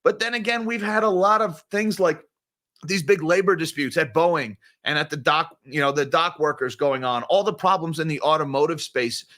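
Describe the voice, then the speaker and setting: A man's voice: on the high side, moderate pace, bright, forceful tone. A male host giving casual, opinionated market commentary on a live stream, talking straight to his viewers. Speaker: host of a finance news channel.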